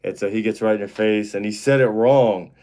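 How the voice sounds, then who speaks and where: A man's voice: on the low side, brisk, dark tone. Blunt, profane man in his thirties. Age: 30s. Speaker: show host. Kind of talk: casual live-stream chat.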